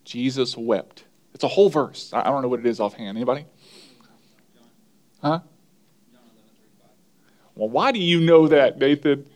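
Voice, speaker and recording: A man's voice: mid-range voice, normal speed, pauses often, a little mellow. A man preaching a sermon as pastor, conversational, asking the congregation questions and repeating key lines for emphasis. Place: church.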